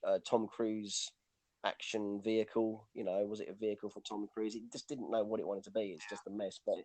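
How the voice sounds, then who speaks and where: Male podcast co-host, low voice, rambling casual film talk, dry sound. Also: little pitch movement, brisk, darkish tone, no echo. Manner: rambling, lots of restarts and "you know".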